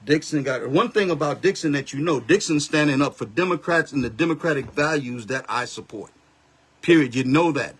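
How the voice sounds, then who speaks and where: A man's voice: on the high side, animated, fairly quick, a bit bright, slightly rough. A man in his seventies, a pastor hosting a Facebook live, talking bluntly and confrontationally in a heated, street-style rant. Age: 70s. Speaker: pastor and livestream host. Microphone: phone or webcam livestream.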